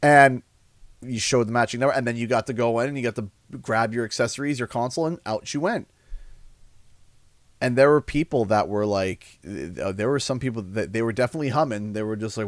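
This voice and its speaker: Fairly quick and mid-range in voice, this Canadian man rambles through animated stories during a casual livestream chat, chuckling at his own jokes. There's no room sound on the recording.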